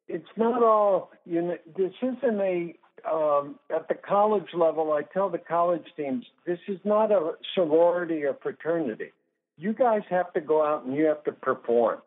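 A man in his sixties, a guest sports psychologist in a phone interview, talking emphatically and laying out numbered points. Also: fairly high pitch. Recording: tinny phone line.

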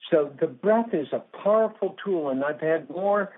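A man's voice: fairly high pitch, lively intonation, normal speed. A man in his sixties, a guest sports psychologist in a phone interview, talking emphatically and laying out numbered points. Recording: tinny phone line.

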